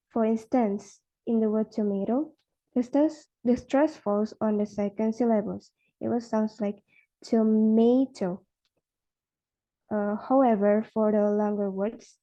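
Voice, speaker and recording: A young Indonesian-accented woman presenting on word stress for a class, slowing down to model stressed words. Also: fairly high pitch, dark tone. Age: young adult. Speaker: student presenter. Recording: muffled lo-fi recording.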